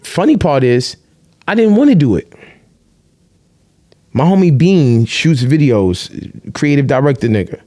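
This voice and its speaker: A man's voice: mid-range voice, unhurried, long pauses, no room sound. Slangy man telling stories, dry sound. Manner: streetwise slang, animated storytelling, swears freely. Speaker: podcast guest, vlogger. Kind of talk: casual chat.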